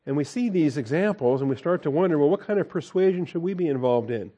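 A man's voice: fairly high pitch, animated, fast, dark tone. A man teaching a Bible study in a folksy, conversational way, reading scripture aloud and breaking off to comment with a chuckle.

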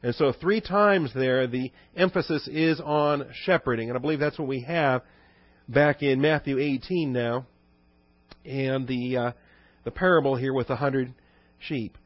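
A man preaching an expository sermon to his congregation, teaching conversationally and reading scripture quotes slowly and low. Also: dry recording. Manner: conversational teaching with rhetorical questions. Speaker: pastor. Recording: dull dry recording.

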